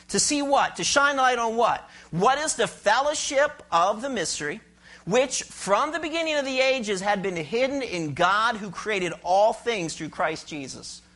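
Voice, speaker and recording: Bright-voiced preacher asking rhetorical questions. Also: mid-range voice. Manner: emphatic, asks the congregation rhetorical questions; reads scripture aloud with slowed stress. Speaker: pastor. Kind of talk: sermon.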